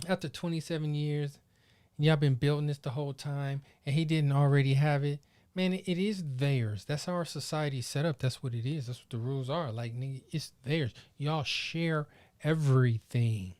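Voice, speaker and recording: A man hosting his own podcast solo, chatting casually in animated, slangy riffs. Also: on the high side, moderate pace. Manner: animated, slangy, playful riffing. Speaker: podcast host.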